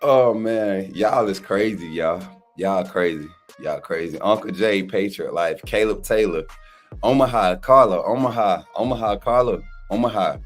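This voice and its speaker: A deep-voiced man chats loosely on a live stream, his voice hoarse and nearly gone. He greets viewers one after another in an animated, easygoing way, with soft music playing faintly behind him. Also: normal speed. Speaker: livestream co-host. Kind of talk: casual live-stream chat.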